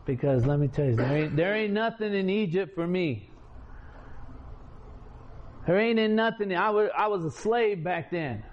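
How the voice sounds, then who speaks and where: Man with a high voice, unhurried folksy preacher telling his testimony, dull lo-fi recording with a faint room murmur. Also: expressive, a little hiss or hum. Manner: folksy, colloquial storyteller who acts out conversations. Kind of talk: preaching testimony, story told with quoted dialogue.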